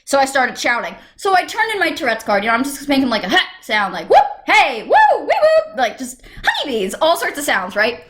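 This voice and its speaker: A young woman from the United States telling a casual storytime vlog at home, animated and quick to burst into sudden shouts. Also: fairly high pitch. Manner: animated, breaks into sudden loud shouts and whispers. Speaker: vlogger. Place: home room.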